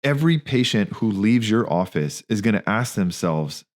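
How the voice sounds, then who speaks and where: A man in his thirties with a fairly low voice speaks as a podcast host. He talks candidly and emphatically, full of slang and asides. He tells personal stories casually. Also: expressive, normal speed. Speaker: podcast host, physician and practice owner. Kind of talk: casual spoken monologue.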